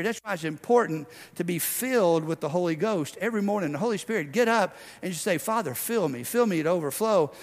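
A male pastor delivers an impassioned sermon, his slightly high voice rising to loud, driving declarations and then dropping to hushed, intimate passages. The sound rings with the long reverb of a church hall.

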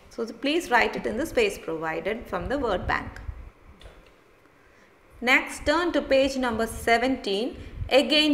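A woman teacher, slowly sounding out and repeating words in a phonics lesson for young children. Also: mid-range voice, fairly bright tone. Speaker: primary school teacher. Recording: echoey room.

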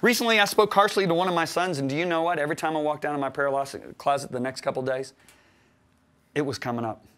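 A middle-aged man preaching in a fairly high voice. He builds to loud, emphatic runs, then drops to a soft, confiding tone, and acts out his own quoted words along the way. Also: fast. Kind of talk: sermon-style teaching.

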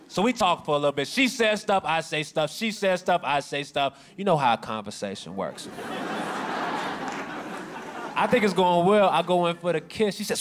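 A man doing a stand-up comedy routine on a club stage, telling stories in a dry, deadpan way with sudden shouted punchlines. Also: on the high side, a little fast, hardly any pauses. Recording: noisy live comedy club.

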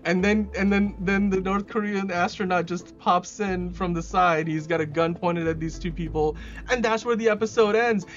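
Man, podcast host, casual TV review, excitable, rambling, fillers, fairly high voice, dull lo-fi sound. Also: moderate pace.

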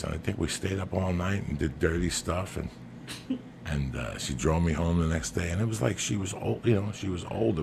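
Against noisy room ambience, a middle-aged New Jersey man with a Jersey accent hosts a podcast, telling brash, vulgar stories and erupting in loud laughing shouts. His voice is deep and creaky.

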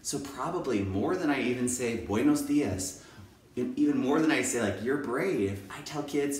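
Energetic man in an echoey room. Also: medium pitch, normal speed, slight background noise. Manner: energetic, playful, emphatic. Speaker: kindergarten teacher. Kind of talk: enthusiastic video talk to camera. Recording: echoey room, mic at a distance.

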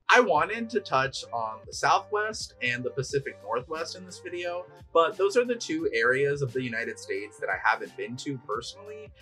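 A man hosting a channel, narrating a scripted video essay. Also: mid-range voice. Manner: lively, explanatory. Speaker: YouTube host.

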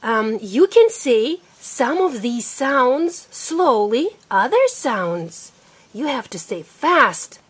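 A young woman leads a child through a phonics lesson at a slow, careful pace. Her voice sits high, and she sounds out each letter clearly, repeating and praising patiently. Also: sing-song. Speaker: parent teaching a child to read. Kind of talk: patient one-on-one reading lesson.

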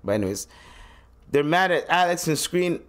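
A man's voice: a little high, animated, normal speed, a bit bright. A man hosting a solo podcast, talking in a loose, profane, joking way. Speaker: podcast host.

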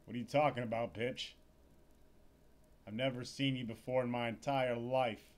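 A man's voice: mid-range voice, fairly even intonation, moderate pace, lightly acted. A man voicing a dorky, rude young male secret agent who swears and barks orders. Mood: irritated. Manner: abrasive, swearing, shouting.

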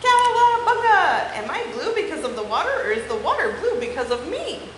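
Woman doing excited, bouncy crayon voices. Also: sits high, fairly quick. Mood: gleeful. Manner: excited, exclamatory. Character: bouncy playful talking crayons. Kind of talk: storybook read-aloud. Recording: echoey room with background noise.

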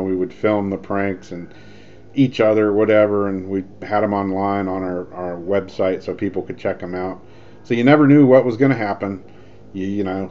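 Male vlogger, lower voice, chatty storyteller who acts out dialogue; muffled recording. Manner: rambling, animated, acts out quoted lines. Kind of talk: casual storytelling. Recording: dull lo-fi sound with faint noise.

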